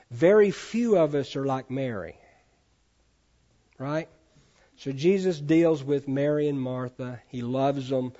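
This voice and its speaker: A man's voice: on the high side, warm tone, dull audio. Man preaching a chatty sermon. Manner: conversational, asks the congregation questions. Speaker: pastor.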